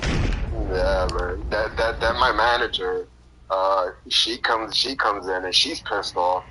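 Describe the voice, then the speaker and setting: A man's voice: low-pitched, fairly even intonation, takes it slowly. A man hosting a podcast, chatting casually and telling anecdotes full of slang and swearing, laughing often. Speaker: podcast host. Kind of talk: casual storytelling chat. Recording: noisy background.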